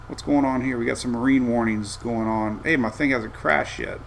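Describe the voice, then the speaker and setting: A man's voice: mid-range voice, moderate pace, vocal fry, slight background noise. Easygoing man hosting a casual weather chat. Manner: rambling, easygoing, excitable asides. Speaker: weather show host.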